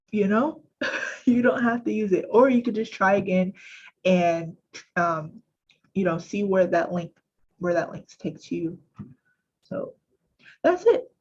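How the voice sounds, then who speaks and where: A woman walking viewers through software on a screen share, chatty and self-correcting with lots of fillers, as the regular host of a weekly tech session. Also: mid-range voice, breathy edge, dull audio. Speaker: software trainer.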